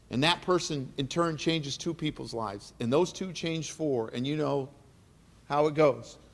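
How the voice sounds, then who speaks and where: Earnest man speaking in a hall. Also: a little high. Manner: earnest, emotional, repeats phrases for emphasis. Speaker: keynote speaker. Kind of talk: inspirational dinner speech. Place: large banquet hall. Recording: reverberant banquet hall.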